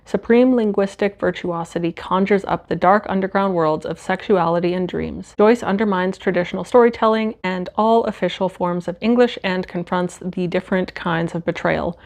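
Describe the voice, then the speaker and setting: A young woman from Canada talks through her new books in a relaxed, chatty way. She often drops in fillers like "like" and "uh", and sometimes reads the back-cover text aloud. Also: lowish voice, moderate pace, hardly any pauses. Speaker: booktuber. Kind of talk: casual book haul chat with read-aloud blurbs. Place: home.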